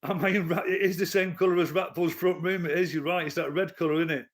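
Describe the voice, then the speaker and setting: A man's voice: high voice, steady tone, quick pace. A man, ranting bluntly and with swearing to his live-stream chat from his living room. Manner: blunt, profane, heated. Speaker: livestreamer and commentator.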